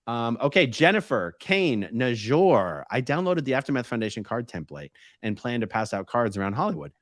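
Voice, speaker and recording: A man co-hosting a casual live stream, reading viewer comments aloud and thinking out loud. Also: medium pitch, sing-song, moderate pace, no room sound, studio quality. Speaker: co-host reading chat questions.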